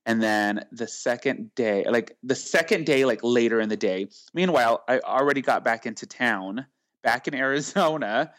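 A young man chats as the guest in a casual interview, recounting his work with lively, chatty energy. His voice sits at an ordinary middle pitch for a man. He slips into others' voices as he quotes them, and fills his talk with casual fillers. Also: moderate pace, no echo, clean studio sound. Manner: animated, acts out quoted dialogue, heavy use of filler. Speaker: celebrity makeup artist, guest.

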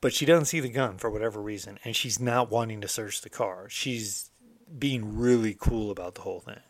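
Streetwise American man, middle-aged, low voice, candid storyteller, dry close sound. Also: a little fast, dry recording. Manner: candid, streetwise, swears freely. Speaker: motivational host telling his past. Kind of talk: casual storytelling monologue.

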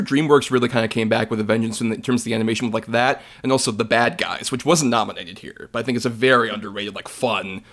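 Male host, rapid-fire delivery, mid-pitched, runs the roundtable. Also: a bit bright. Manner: brisk, passes the floor to guests. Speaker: podcast host. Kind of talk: casual roundtable chat.

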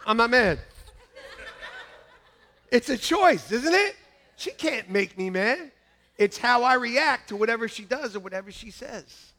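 High-pitched gravelly preacher. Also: male voice, a little slow, long pauses, a little hiss or hum. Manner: animated, laughing, repeats lines to the congregation; shouts mock-angry quotes at peaks. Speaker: pastor. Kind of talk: sermon. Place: church.

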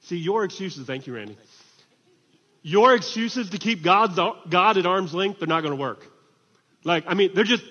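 A man preaching a sermon in a church hall, animated and swinging from hushed tones to shouting. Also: high voice, moderate pace, husky. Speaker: pastor. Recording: muffled hall reverb.

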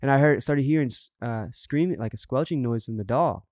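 Fast-talking earnest man telling a story. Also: mid-range voice, no room sound, studio quality. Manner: earnest, animated storytelling with acted-out quotes. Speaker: podcast co-host. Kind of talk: casual storytelling chat.

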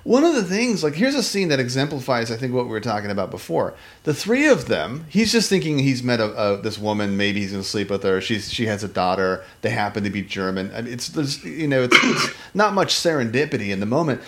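A man's voice: mid-range voice, a little fast. A man talking casually about a film on a podcast, rambling with many restarts and acting out lines in voices. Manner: animated, rambling, many restarts and fillers, acts out quotes. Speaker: podcast co-host.

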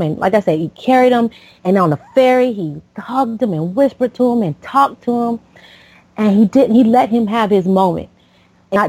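Brief: late-30s woman podcast host from Florida, meandering personal story, mid pitch, dry mic. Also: a little mellow, no echo, poor audio. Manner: rambling, with many fillers and restarts.

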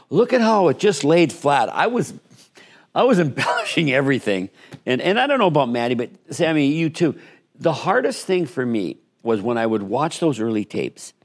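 An older man, a retired goalie turned color commentator, telling stories in a relaxed podcast chat and acting out quotes. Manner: animated, acts out quotes with lively pitch jumps. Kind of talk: relaxed storytelling in a sports podcast.

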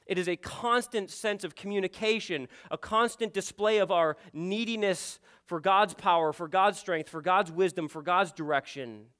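A man's voice: high voice, moderate pace, few pauses, a bit bright, clear, resonant tone. A man preaching a sermon to his congregation in an earnest, emphatic way, often repeating "you see". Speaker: pastor.

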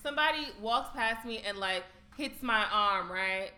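A woman in casual chat giving a blunt, profane, animated account of a run-in. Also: a little high, moderate pace. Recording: roomy room, faint noise.

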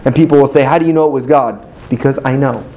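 A man's voice: mid-range voice, fast, mellow, slight background noise, poor audio. A man preaching a sermon in a hotel meeting room, building his points through rhythmic repetition and call-and-response with the congregation.

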